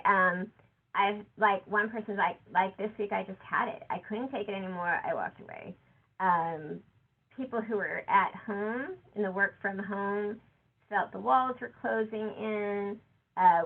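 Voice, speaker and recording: A woman giving a conversational conference talk, acting out quotes from other people. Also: gravelly. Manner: conversational, quotes others with lively shifts in pitch. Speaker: conference speaker. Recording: tinny phone-like audio.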